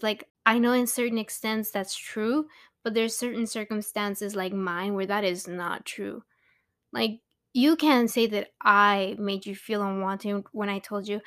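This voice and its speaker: A woman's voice: medium pitch, measured pace, a bit bright. A young woman hosting a solo podcast, talking casually and rambling with many restarts and fillers. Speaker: podcast host.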